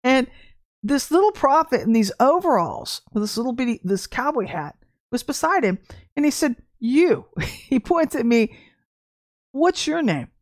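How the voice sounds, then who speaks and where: High-voiced woman preaching a lively testimony. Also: measured pace, dry recording, clean studio sound. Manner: animated storytelling with laughs and acted quotes. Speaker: livestream minister. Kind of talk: informal testimony sermon.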